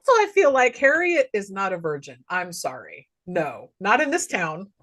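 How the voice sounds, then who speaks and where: A woman's voice: mid-range voice, wildly swooping pitch, moderate pace, fairly bright tone. A woman co-hosting a podcast, recapping a film in casual chat and laughing often as she goes. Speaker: podcast co-host.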